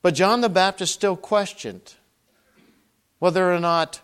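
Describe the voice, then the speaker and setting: A man's voice: sits high, a bit bright, smooth. A man preaching a sermon as pastor, earnest, asking rhetorical questions and rising to emphatic calls. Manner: rhetorical questions with long pauses.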